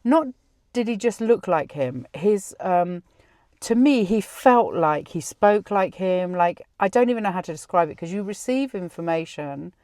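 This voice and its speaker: A woman's voice: lowish voice, animated, measured pace, a little mellow, no room sound, studio quality. A middle-aged woman hosting a podcast, telling a personal story in a chatty way and acting out the dialogue. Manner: chatty, many restarts and quoted dialogue. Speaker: podcast host.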